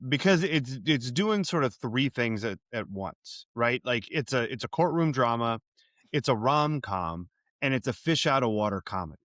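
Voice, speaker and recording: A man co-hosting a podcast, chatting about a movie in an animated voice whose pitch moves a lot. He swears casually and drops into quick impressions. The sound is dry and close. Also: dry recording. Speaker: podcast co-host.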